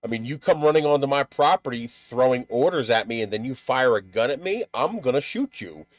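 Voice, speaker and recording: A man's voice: medium pitch, expressive, a little fast, no echo. Blunt, swearing man ranting. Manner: laughs at his own stories. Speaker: live stream host. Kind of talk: casual live-stream chat.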